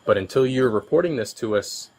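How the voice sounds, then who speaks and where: A man working as a police officer, patiently explaining things to a resident with many halting restarts, recorded on his bodycam. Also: mid-range voice, expressive. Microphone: his own bodycam.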